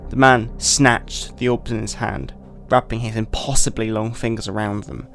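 A man hosting a podcast, giving a measured, deliberate dramatic reading of a short story. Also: on the low side, fairly even intonation, creaky, fairly bright tone, soft background music. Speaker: podcast host.

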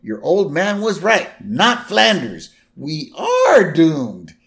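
A man voicing a loud, bumbling middle-aged cartoon father, high-pitched and whooping. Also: very animated, takes it slowly, vocal fry, exaggerated voice. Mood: gloating. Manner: whooping, much higher and louder than his own voice.

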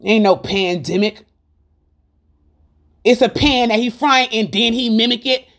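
A woman's voice: a little high, unhurried. Fervent woman preaching an informal sermon. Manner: fervent, preachy, rhythmic and repetitive; addresses listeners directly with rhetorical questions. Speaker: Christian speaker.

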